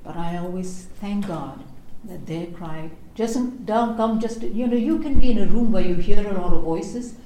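A middle-aged woman giving a devotional teaching on prayer, telling stories expressively and slowing down to read scripture. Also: medium pitch, dark tone, slight background noise. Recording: echoey room.

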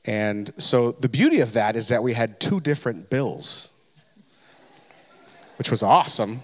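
A man's voice: medium pitch, lively intonation, a little slow. A man, a pastor in his thirties, telling a candid, self-deprecating personal story as a sermon, with frequent restarts. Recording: long hall reverb.

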